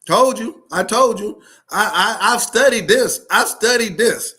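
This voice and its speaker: Speaking a little slowly in a high, sharp voice, a man hosts a live-streamed motivational talk. He's a podcast host and school leadership speaker, preaching to listeners with slang and fiery repetition.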